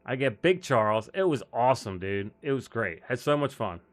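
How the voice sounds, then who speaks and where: A man hosting a live golf talk stream. His voice sits at an ordinary middle pitch, and he tells stories in a loose, rambling way, restarting sentences and breaking into laughs. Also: expressive, normal speed. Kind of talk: casual live-stream chat.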